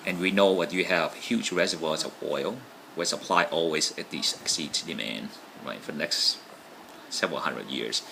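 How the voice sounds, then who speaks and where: A man's voice: very deep voice, normal speed, gravelly, bright, forceful tone, a little hiss or hum, low-quality recording. A man talking casually to camera in a rambling monologue, often checking in with "right?". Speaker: vlogger.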